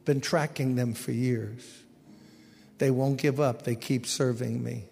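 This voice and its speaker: Preacher doing God, calm and confiding, gravelly, big hall echo. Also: male voice, medium pitch, a little slow, a little hiss or hum, voice pushed down. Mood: fond. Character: God, patient and fond of a faithful old couple.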